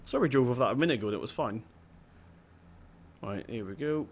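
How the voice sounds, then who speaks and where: A man's voice: medium pitch, animated, fast talker, gravelly, a little hiss or hum. A young man giving casual let's-play commentary as a gaming video host, chatty and rambling, often stopping to correct himself.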